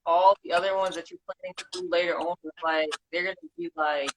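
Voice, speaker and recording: Woman co-host, mid pitch, faint background hiss, halting phrasing, casual chat. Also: fairly even intonation, poor audio. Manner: halting, filler-heavy phrasing. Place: home, on a live video call.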